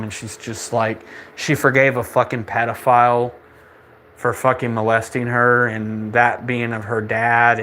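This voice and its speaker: A man's voice: mid-range voice, a bit bright. A young man in a casual podcast monologue. He rants with constant swearing and scorn, rambling and stammering as he restarts his sentences. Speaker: podcast host.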